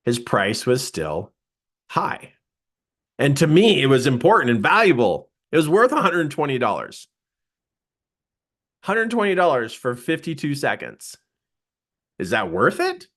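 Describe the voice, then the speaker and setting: Middle-aged male coach, mid-range voice, very animated storyteller for a live coaching session. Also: a little slow, pauses often. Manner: animated storyteller, voice jumping high for quoted surprise. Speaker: business coach.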